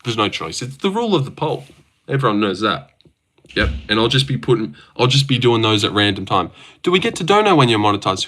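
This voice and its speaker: A man's voice: lowish voice, bright, forceful tone. A young man livestreaming, casually reading viewer messages aloud and teasing his chat. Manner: reads viewer messages aloud and teases chatters.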